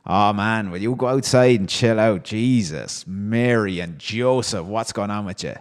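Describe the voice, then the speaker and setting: A man's voice: lowish voice, lively intonation, normal speed, few pauses, long reverb tail. A man hosting a livestream, reading viewers' comments aloud and answering them with wry, amused banter. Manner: wry, chatty, reacts to chat with amused banter. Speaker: livestream host.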